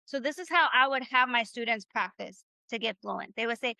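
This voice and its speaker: Woman, slightly high and bright voice, encouraging language teacher on a dry video call. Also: fairly quick, vocal fry, no room sound. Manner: upbeat, encouraging, keeps asking "right?". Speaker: Spanish teacher. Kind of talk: live online class.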